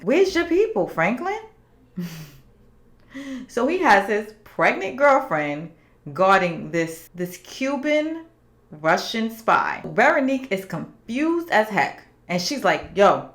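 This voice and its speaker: A woman's voice: medium pitch, fairly bright tone. A woman reviewing a TV series finale in a casual, opinionated recap. She talks straight to her viewers and drops into the characters' lines as she retells scenes. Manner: chatty and opinionated, with asides to viewers.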